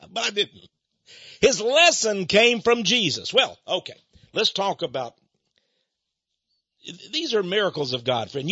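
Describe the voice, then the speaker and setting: A man preaching a radio sermon as host, telling stories and swinging between soft narration and fervent exhortation. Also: on the high side, vocal fry, breathy edge, no echo, muffled recording.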